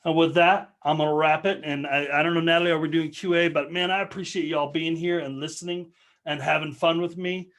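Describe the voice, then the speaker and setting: A man's voice: on the high side, steady tone, fairly quick, fairly bright tone. A man giving an earnest motivational talk over a video call, rambling and joking. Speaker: speaker.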